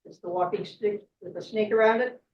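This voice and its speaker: She speaks briskly at a medium pitch, with slight background noise, as a guest at a club meeting telling a myth in a chatty manner, often laughing and checking in with "right?". The recording is echoey and dull, with the mic set at a distance.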